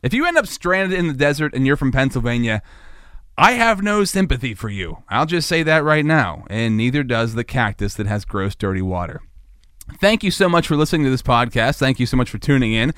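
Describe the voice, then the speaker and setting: A man hosting a solo comedic podcast, rambling goofily and jumping into high-pitched mock panic. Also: very animated, fairly quick, a bit bright, smooth, dry recording, clean studio sound. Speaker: podcast host.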